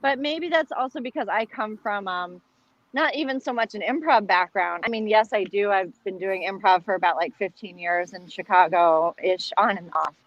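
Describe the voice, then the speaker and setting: A woman's voice: mid-range voice, normal speed, fairly bright tone, no echo, lo-fi sound. A woman, a comedy and theater performer, chatting casually as a guest, laughing often and filling her talk with "like". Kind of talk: casual chat over a video call.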